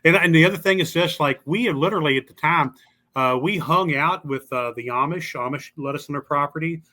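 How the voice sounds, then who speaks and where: A man's voice: fairly high pitch, a little fast, sharp tone. A man telling stories as a podcast guest in a folksy, drawling way, acting out the voices of the people he met. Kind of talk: casual storytelling. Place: lives in Louisville.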